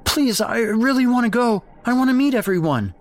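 A frightened little boy in a horror audio story, acted by a man, wailing and pleading in a strained voice. The pitch sits far above the performer's own deep voice and jumps around. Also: lively intonation, slow, a little mellow.

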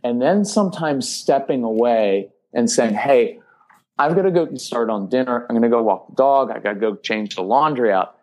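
A man's voice: medium pitch, moderate pace. Parenting guest, male, casual chat, plays out sample lines to kids. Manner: animated, acts out parent phrases. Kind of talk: casual podcast conversation.

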